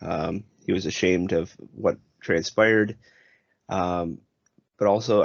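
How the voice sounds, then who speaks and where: A man with a very deep voice gives a measured, thoughtful take in a casual podcast discussion. He pauses on um and uh as he works out his points. The recording is dry and muffled. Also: darkish tone, dry recording. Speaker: podcast panelist.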